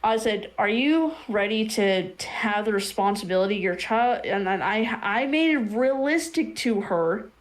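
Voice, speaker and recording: A woman's voice: mid-range voice, lively intonation, moderate pace, hardly any pauses, low-quality recording. Blunt, rambling woman telling a story. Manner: blunt and rambling, swears freely; many restarts and fillers like "like". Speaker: streamer co-host telling a personal story. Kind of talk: casual storytelling chat on a stream.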